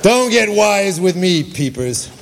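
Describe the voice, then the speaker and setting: A gruff, bullying police lieutenant, voiced by a man, barks slow, scolding orders. His voice sits high for a tough cop, and it rings in a long hall reverb with music underneath. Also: big pitch swings, background noise, heavily acted. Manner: barking, scolding.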